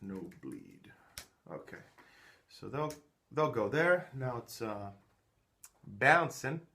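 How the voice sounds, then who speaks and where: A man's voice: medium pitch, expressive, takes it slowly, sharp tone. A man giving a casual how-to walkthrough of his own workflow, thinking aloud with many fillers and restarts, recorded on a phone. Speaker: music producer showing his workflow.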